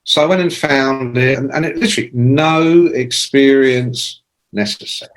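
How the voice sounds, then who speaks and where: A man in his sixties, a rock journalist telling profane, lively anecdotes as a podcast guest. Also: medium pitch, moderate pace. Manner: lively, profane, acts out quoted voices. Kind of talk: anecdotal storytelling in a podcast interview.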